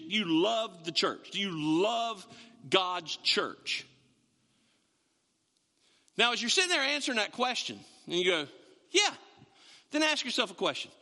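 A man preaching in a church, his high, lively voice swinging widely in pitch and ringing very bright. He jokes with the congregation, then drives his points home with emphatic bursts. The sound carries a long hall reverb. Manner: conversational, joking preacher with emphatic rises. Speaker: pastor. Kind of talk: sermon. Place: church sanctuary.

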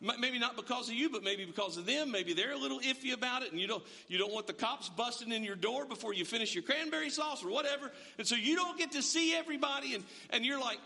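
A middle-aged man preaching a sermon in a lively, conversational way, often restarting his sentences. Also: extremely high pitch, fast, creaky, hardly any pauses. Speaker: pastor. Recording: reverberant church hall.

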